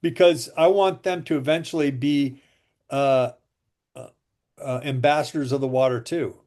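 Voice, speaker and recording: A man with a mid-range voice speaks at a normal speed as a guest in a casual interview. He's a water machine seller telling sales stories, animatedly acting out what people said to him.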